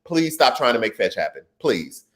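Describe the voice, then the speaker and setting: A man hosting a live stream, reading viewers' comments and giving casual political commentary in an animated, excitable way that jumps into a high voice. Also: moderate pace.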